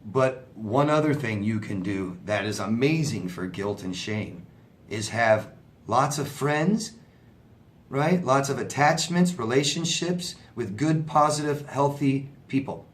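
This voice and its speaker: A man's voice: mid-range voice, lively intonation, a little slow. A man answering viewer questions as a relationship coach, in a conversational, sympathetic way, often asking "right?". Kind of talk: casual advice talk.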